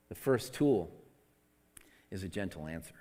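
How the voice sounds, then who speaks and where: A man preaching a conversational sermon into a microphone, candid and self-deprecating, with lots of restarts, swinging between loud and soft. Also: deep voice, animated, takes it slowly, big-room sound. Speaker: pastor. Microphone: amplified microphone.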